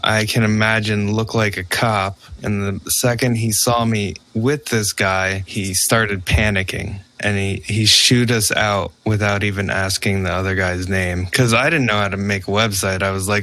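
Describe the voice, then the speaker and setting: A man's voice: fairly low pitch, fairly even intonation, measured pace, few pauses, bright, forceful tone. A man co-hosting a podcast in casual chat, telling winding stories with laughs. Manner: rambling, laughing storyteller. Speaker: podcast co-host.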